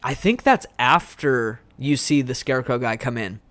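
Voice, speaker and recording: A man's voice: mid-range voice, expressive, normal speed, fairly bright tone, no echo. Rambling man recapping a horror film. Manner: rambling, acts out scenes with quoted voices. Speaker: podcast co-host. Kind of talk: casual movie review chat.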